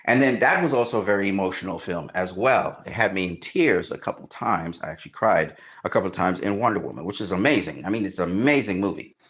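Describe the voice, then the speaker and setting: A man in casual film commentary, excitedly retelling movie scenes, swearing often and acting out reactions. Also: sits low, fast talker, few pauses.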